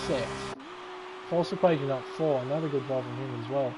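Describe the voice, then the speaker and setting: A man giving casual commentary on a sim-racing league race, excitable and sleepy, swearing and laughing. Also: mid-range voice, brisk. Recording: race car engine noise behind. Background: racing game car sounds.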